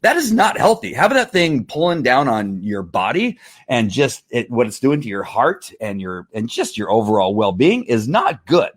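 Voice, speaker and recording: A middle-aged man talking casually to camera in a testimonial vlog, animated and full of restarts and fillers. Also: mid-range voice, normal speed. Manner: animated, acts out angry outbursts, many fillers and restarts. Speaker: vlogger selling wellness products.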